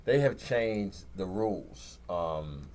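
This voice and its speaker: Radio host guy, lowish voice, rambles and restarts, lively ups and downs. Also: takes it slowly. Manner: rambling, restarts, laid-back. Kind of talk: casual chat.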